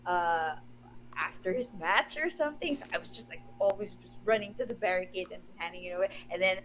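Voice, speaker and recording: A woman's voice: mid-range voice, brisk, background noise. Giggly young Filipina woman. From Philippines. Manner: enthusiastic, giggly, with frequent restarts and fillers. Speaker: wrestler and musician guest. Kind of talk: casual interview chat.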